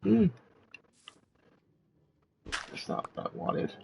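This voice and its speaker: Speaking extremely slowly in a warm tone, a male streamer uses a demon robot voice changer, with his mic set back from his face. The recording is muffled with a little hiss or hum as he narrates building in a game and chats to his viewers live.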